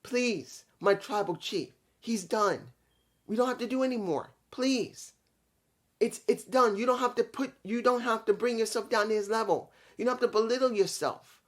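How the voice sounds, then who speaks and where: A man's voice: moderate pace, natural voice. A man voicing a pleading young male wrestler who begs anxiously in a raised voice. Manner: begging, raised pitch.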